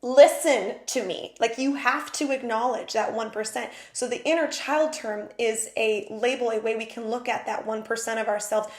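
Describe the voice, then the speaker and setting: A woman's voice: on the high side, steady tone, normal speed, few pauses, roomy sound. A woman hosting a podcast, talking candidly and animatedly, with casual swearing. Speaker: podcast host. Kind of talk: candid conversational chat.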